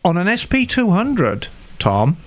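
Unhurried and sitting high, this man's voice swings hugely in pitch. An older Englishman and motorcycle mechanic expert, he talks through tuning a carburetor step by step, confident and relaxed in a casual conversation.

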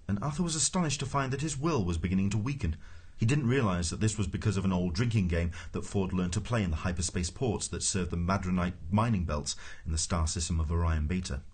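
A man's voice: low voice, darkish tone, husky. A man reading a comic novel aloud in scripted narration, with a dry, wry storytelling manner. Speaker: audiobook narrator.

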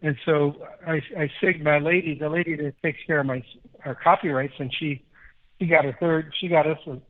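A man's voice: a little high, normal speed. Older man telling stories over a tinny line. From Chicago. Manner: animated, rambling anecdotes with many restarts. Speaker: guest musician. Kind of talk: casual interview storytelling.

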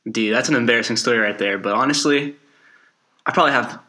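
A man's voice: medium pitch, quick pace, sharp tone, slight background noise. A young man co-hosting a casual podcast, telling stories in a laid-back way and saying "dude" often. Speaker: podcast co-host. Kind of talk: casual storytelling.

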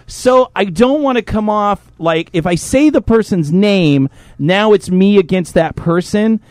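A man co-hosting a casual podcast, loud and joking, rambling and swearing freely. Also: high-pitched, animated, a little slow, dry recording. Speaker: podcast co-host.

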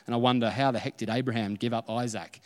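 Quick-paced and fairly even in intonation, this pastor's mid-range voice carries a conversational sermon where he voices short exchanges within his stories. The church auditorium gives the recording a long hall reverb.

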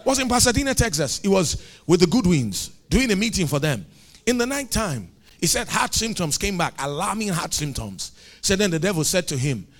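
A man preaching a sermon, retelling stories with acted dialogue and building to shouted, emphatic climaxes. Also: high-pitched, big pitch swings, moderate pace.

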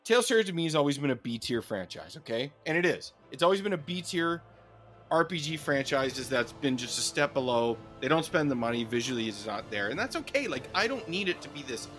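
A middle-aged man, co-hosting a casual gaming podcast and ranting in an animated, profane way into a podcast mic. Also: medium pitch, a little fast, faint music behind. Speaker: podcast co-host.

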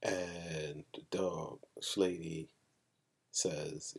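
Young male co-host, very deep raspy voice, frank and emphatic. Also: moderate pace. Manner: emphatic, repeats himself, frank. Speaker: podcast co-host. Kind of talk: casual chat.

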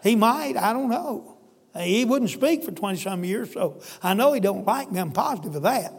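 A man's voice: high voice, lively intonation, moderate pace, slightly rough, big-room sound. A male pastor telling a story in a folksy, emphatic sermon. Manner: folksy, emphatic, addresses listeners as brother.

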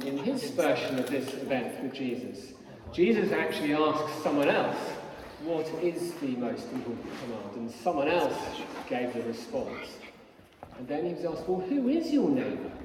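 A man giving a nervous lay sermon as church warden, hesitant, with many fillers and restarts. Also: fairly high pitch. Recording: echoey church from far off.

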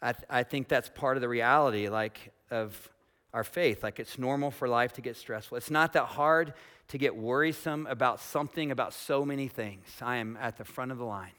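A man preaching a sermon as pastor, swinging between loud emphatic declarations and quiet asides, asking his listeners direct questions. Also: mid-range voice, normal speed. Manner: asks the congregation direct questions.

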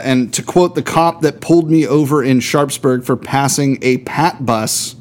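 A man co-hosting a casual beer podcast, ranting with heat and blunt swearing. His voice sits a bit high and moves widely, rising sharply on the points he stresses. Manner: heated, profane, emphatic. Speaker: podcast co-host.

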